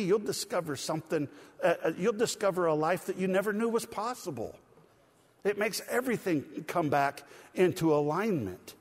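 A middle-aged male pastor preaching a conversational, animated sermon with light humor and asides. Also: on the high side, slightly rough, big-room sound. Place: church.

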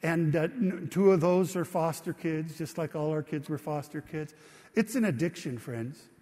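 A middle-aged pastor delivers a sermon in an easy, storytelling way, often turning to his listeners with questions. His voice sits somewhat high for a man. The sound rings with the long reverb of a church hall. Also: normal speed, mellow. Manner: conversational storytelling preacher, asks the congregation questions. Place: church sanctuary.

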